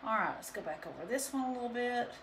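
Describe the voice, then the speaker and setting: A woman's voice: on the high side, lively intonation, quick pace, noisy background. A woman chatting casually through a live painting demo, rambling with lots of fillers. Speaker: painting instructor and studio owner. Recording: roomy echo.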